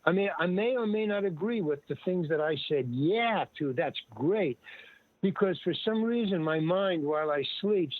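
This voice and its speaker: An older guest with a high-pitched, expressive voice and moderate pace tells casual stories that ramble and digress, with frequent restarts and quoted speech. The audio is dry and tinny, like a phone line.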